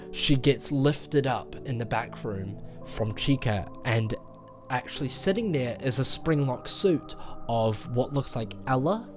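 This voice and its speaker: A man of middle pitch talking casually to camera about a film, piling up "um"s and "like"s as he retells the story. He keeps slipping into voices to act out the characters' lines, with faint music playing underneath. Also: a little mellow. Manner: rambling retelling with many fillers, acting out quoted lines. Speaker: movie reviewer. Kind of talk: casual spoken movie review.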